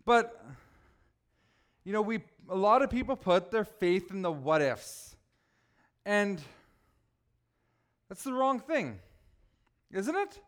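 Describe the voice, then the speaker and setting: A man's voice: sits high, sing-song, slow, long pauses, fairly bright tone. A man preaching a sermon, emotional at times, often asking his listeners rhetorical questions. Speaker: pastor.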